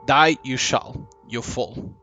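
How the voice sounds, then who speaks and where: A man's voice: mid-range voice, slow pace, sharp tone. A man voicing a cruel witch teacher in a video game, cold and disdainful.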